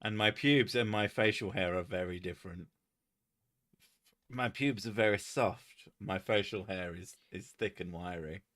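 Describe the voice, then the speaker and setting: A man's voice: on the low side, measured pace, a bit bright. A man hosting a casual live stream, joking, swearing and reading chat aloud. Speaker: streamer host.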